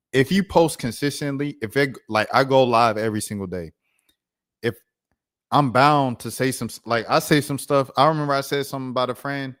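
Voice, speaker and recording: A man hosts a reaction stream at a middling pitch. He talks in a laid-back, rambling way and stumbles over repeated words. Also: fairly bright tone. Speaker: host. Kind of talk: casual reaction-stream chat.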